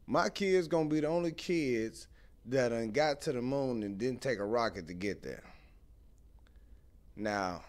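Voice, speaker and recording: A young man hosts a casual live stream, his mid-pitched voice animated and conversational as he tells stories and calls out to viewers in the chat.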